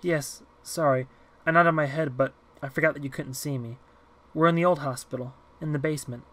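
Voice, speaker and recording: A man voicing a timid eight-year-old girl who talks softly and quietly in an audiobook reading. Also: a little high, fairly even intonation, a little fast, natural voice. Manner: soft and hushed.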